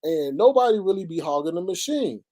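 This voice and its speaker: A livestream host at home by his computer vents to his audience live, talking a little fast. He tells stories in an animated way, full of exclamations and big swings in pitch, in a casual venting chat.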